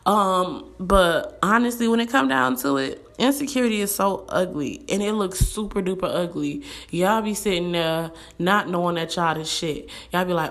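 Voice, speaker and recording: A young woman, ranting bluntly and animatedly in a casual monologue to camera. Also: fairly low pitch. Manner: animated, blunt, fast-talking with quoted asides.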